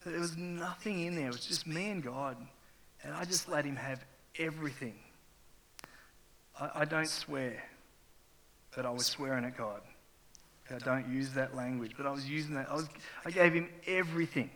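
A middle-aged man preaches from a church stage, his slightly high voice swelling from quiet reflection into raw, impassioned testimony. His words ring out with a long, spacious reverb from the hall around him. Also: moderate pace, long pauses. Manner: raw, emotional testimony with rising intensity. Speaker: pastor. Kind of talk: sermon.

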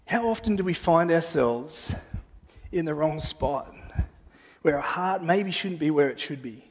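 A man preaching a sermon in a church, praying and then telling a personal story in a casual, animated way with self-deprecating humor. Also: fairly high pitch, unhurried, long reverb tail. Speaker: pastor. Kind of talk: sermon with prayer and personal anecdote.

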